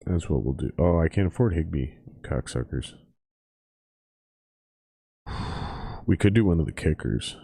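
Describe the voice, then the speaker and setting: A deep-voiced man rants in a casual, profane way, muttering and cursing to himself. He sounds exasperated and is drinking while he talks. The sound is close and dry, with no room around it. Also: expressive, moderate pace, vocal fry, warm tone, slightly rough, no echo. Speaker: podcast host. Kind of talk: casual profane rant and phone chat.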